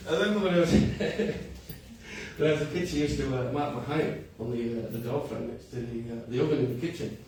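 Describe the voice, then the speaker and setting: Slightly high and slightly slow, a male comedian works through a stand-up set at a cafe comedy night, poking fun at himself and often laughing at his own lines. The recording comes from a far mic in an echoey, noisy room.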